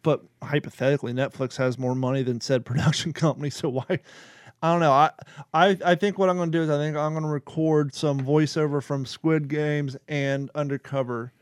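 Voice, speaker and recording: Guy hosting a podcast, kinda high voice, dry close sound, rambly and jokey. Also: steady tone, brisk, a little mellow, smooth, no echo. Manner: rambling, joking, many fillers. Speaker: podcast host. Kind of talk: casual chat.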